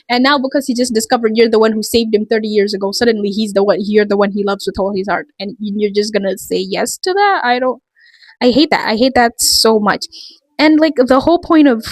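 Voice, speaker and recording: A woman's voice: fairly high pitch, dry recording. A woman vlogger ranting in a casual, rambling, exasperated way, full of fillers. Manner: rambling, exasperated, heavy use of "like".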